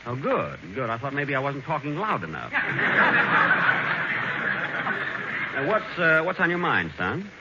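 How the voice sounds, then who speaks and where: Conceited ladies' man, dry and deadpan, big swoops in pitch, old muffled radio. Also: takes it slowly, pauses often, exaggerated voice. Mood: smug. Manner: self-satisfied, dry, deadpan boasting. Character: vain, smug male glamour boy. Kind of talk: 1940s radio comedy acting. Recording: muffled hissy 1940s radio broadcast.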